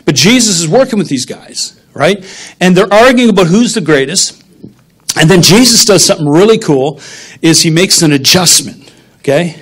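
A man's voice: fairly high pitch, husky. A man preaching a sermon in a conversational style, often checking in with "okay?" and "right?". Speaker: pastor. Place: church sanctuary.

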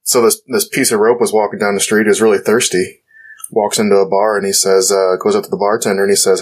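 A man as a podcast guest in casual chat, relaxed and quick to laugh. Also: lowish voice, rough recording. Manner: relaxed, laughs easily, loud when telling a joke. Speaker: podcast guest, forum owner.

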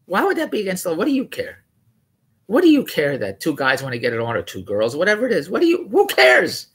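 A man's voice: a little high, wildly swooping pitch, quick pace, breathy edge. A man riffing in a rambling, mocking way on a news article, often correcting himself. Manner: rambling, digressive, self-correcting; incredulous, mocking. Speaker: vlogger.

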